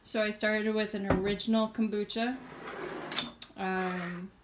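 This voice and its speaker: A woman vlogging casually at home, chatty and relaxed, laughing often between remarks. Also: mid-range voice, unhurried, noisy background. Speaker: homesteading vlogger. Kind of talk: casual chat to camera. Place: home kitchen indoors.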